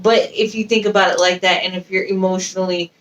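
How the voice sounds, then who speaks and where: Female co-host, mid pitch, reasoned and chatty, sits back from the mic. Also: steady tone, fast talker, far from the mic, slight background noise. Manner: thoughtful, explains with examples. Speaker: podcast co-host. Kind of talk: casual podcast chat.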